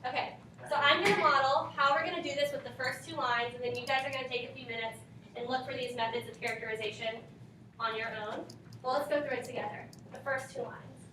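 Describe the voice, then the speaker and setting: A woman's voice: high voice, fairly even intonation, fast, pushed and bright, a little hiss or hum. A woman teaching a class, reading and questioning her students, prompting them for answers. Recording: echoey classroom from far off.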